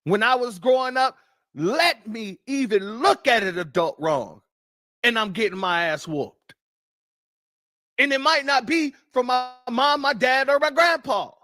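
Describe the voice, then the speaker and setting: A man's voice: very high-pitched, lively intonation, measured pace, bright, forceful tone, dry recording, studio quality. A man from the United States hosting a news commentary show, talking bluntly and profanely and telling stories from his childhood. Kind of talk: casual commentary.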